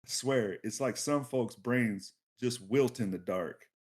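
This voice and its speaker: A man putting on a gravelly, drawling voice for a sly roguish drifter. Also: medium pitch, slow pace, a little mellow.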